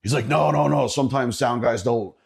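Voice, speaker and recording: A man's voice: mid-range voice, a little fast, vocal fry, slightly rough. A middle-aged man from Northeastern Pennsylvania, a podcast guest telling a profane story in casual chat, laughing often.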